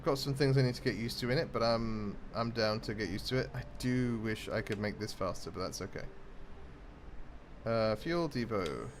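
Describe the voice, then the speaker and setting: A man's voice: mid-range voice, normal speed, a little hiss or hum. A man with a Northern English accent giving casual, self-mocking let's-play commentary and reading game text aloud. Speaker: gameplay streamer. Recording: faint background game music.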